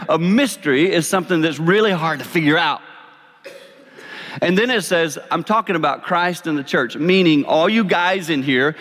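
A man in his fifties with a South Carolina accent gives a folksy, animated sermon with an object lesson. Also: high-pitched. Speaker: speaker. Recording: long reverb of a large hall.

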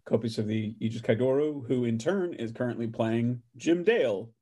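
A man playing in a tabletop game, describing his character's actions thoughtfully with many pauses. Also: medium pitch, noisy background. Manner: thoughtful, hesitant, many ums. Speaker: player.

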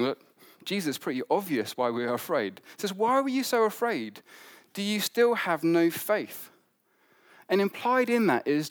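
A man preaching a sermon, retelling a gospel story in a conversational way with asides and fillers. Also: a little high.

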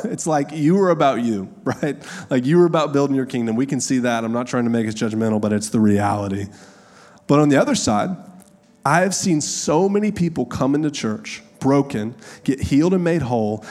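A man's voice: mid-range voice, darkish tone. Conversational man preaching a sermon. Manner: conversational, laughing asides, emphatic slow repeated lines. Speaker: pastor.

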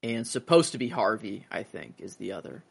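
A man's voice: fairly low pitch, expressive, brisk, gravelly, husky. A man hosting a casual podcast chat, rambling with many fillers and restarts. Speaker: podcast host.

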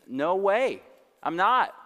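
A male preacher acting out a panicked fisherman loudly denying he knows his friend, with a long hall reverb. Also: high-pitched, big pitch swings, moderate pace, pitched above the performer's own voice. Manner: shouting insistent denials.

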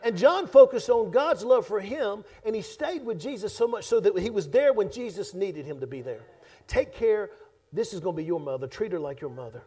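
A man preaching a sermon as pastor, emphatic and conversational, swinging between loud and soft, joking with his congregation. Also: high voice, lively intonation, brisk, slightly rough. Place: church sanctuary.

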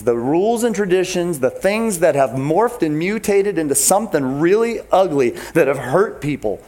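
A man preaching a sermon as pastor, animated and emphatic, talking straight to his congregation. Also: sits high, moderate pace, hardly any pauses.

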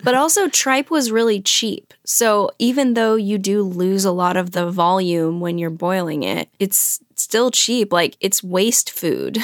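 Woman, mid pitch, dry close sound, casual chat, wry asides. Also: lively intonation, measured pace, hardly any pauses, no echo. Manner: adds wry comments, laughs often. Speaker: podcast co-host.

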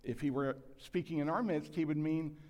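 A man's voice: a little high, steady tone, normal speed, darkish tone. Sixties man preaching in an echoing hall. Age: 60s. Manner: earnest, self-deprecating preaching with acted-out quotes. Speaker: pastor. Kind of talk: sermon. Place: church hall with a large congregation. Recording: long hall reverb.

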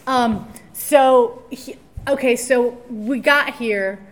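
A woman's voice: on the high side, extremely slow. Teasing woman co-hosting a live panel. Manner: wry, teasing, laughs often. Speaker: podcast co-host. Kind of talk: live podcast panel chat. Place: convention panel room.

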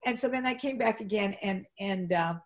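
At a normal speed, a middle-aged interview guest, an actress and flight attendant, recounts lively anecdotes in a conversational way. She's animated, restarts often, and bounces up into a high, excited voice to act out people's lines.

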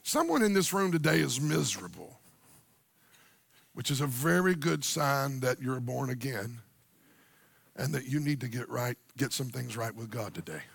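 A middle-aged man, preaching a sermon to a church congregation, animated, swinging from quiet storytelling up to near-shouted, sung-out lines. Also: mid-range voice, normal speed, vocal fry, slightly rough, dry recording. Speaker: pastor.

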